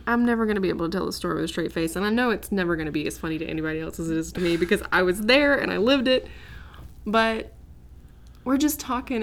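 A woman co-hosting a podcast, telling stories in a giggly, rambling casual chat. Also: a little high. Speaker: podcast co-host.

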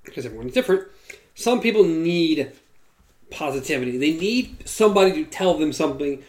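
Easygoing voice in casual chat, mid pitch. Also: animated, normal speed, darkish tone.

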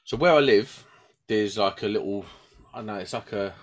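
A man's voice: fairly low pitch, moderate pace. Chatty British man telling a story. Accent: British English. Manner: rambling and animated, acts out voices in his stories. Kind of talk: casual chat, storytelling.

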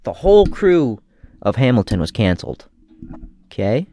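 A man giving casual comedic commentary as a vlogger, rambling and profane with deadpan asides. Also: medium pitch, moderate pace, gravelly.

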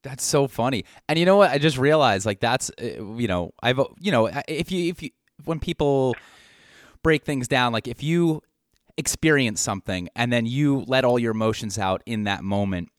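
A man's voice: medium pitch, lively intonation, moderate pace, no room sound, studio quality. A man in casual chat, speaking in a reflective, reassuring way with many fillers.

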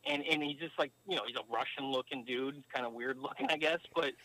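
A man's voice: mid-range voice, fast talker, pushed and bright, poor audio. A man, a former pro hockey player, telling a long story as a podcast guest, with lots of fillers and rambling asides. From United States. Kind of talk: casual storytelling interview.

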